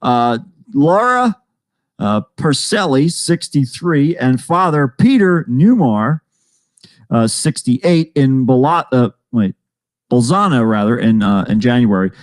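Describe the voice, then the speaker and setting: A man's voice: mid-range voice, big pitch swings, takes it slowly, no room sound. A man co-hosting a casual comedy talk show, reading out news stories with lots of fillers and jokes. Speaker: podcast co-host.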